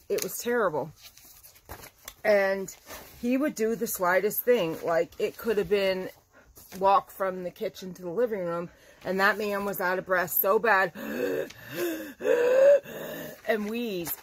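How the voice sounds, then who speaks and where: A woman's voice: medium pitch, slight background noise. Chatty woman vlogger telling a story. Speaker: crochet vlogger. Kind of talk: casual chat to camera.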